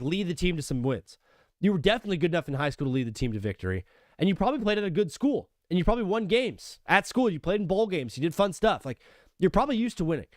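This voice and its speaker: Young male sports-stream host, lively swooping delivery, slightly high voice, dry close mic. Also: no echo. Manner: animated, casual, calls people brother and dude. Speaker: sports talk show host. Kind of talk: live sports talk stream.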